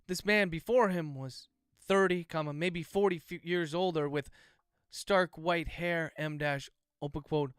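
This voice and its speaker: A man's voice: on the high side, steady tone, a little slow, fairly bright tone, smooth, no room sound. Man, author, dictating a novel aloud, methodical, close dry mic. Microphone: close livestream microphone.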